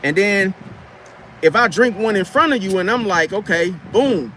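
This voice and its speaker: A man's voice: high voice, normal speed, bright, forceful tone, a little hiss or hum. A man telling a casual story from his car repair job in a rambling, slangy way, often repeating and restarting his words.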